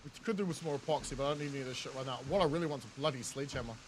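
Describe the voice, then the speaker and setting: Chatting with viewers while he plays, a New Zealand man in his thirties speaks at a racing pace in a medium-pitched voice over slight background noise. This streamer keeps the commentary light and jokey, laughing often and cursing without restraint.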